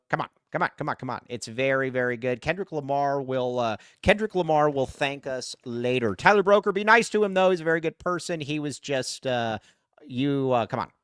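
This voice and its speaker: A man co-hosting a casual sports podcast livestream, talking in an excitable way and reading viewer comments aloud. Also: mid-range voice, clear, resonant tone, no room sound, clean studio sound. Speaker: podcast co-host.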